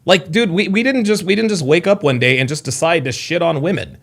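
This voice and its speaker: A man's voice: fairly high pitch, brisk. A man hosting a live reaction show, heated and exasperated, cursing and repeating himself as he argues with a clip. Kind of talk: animated reaction commentary.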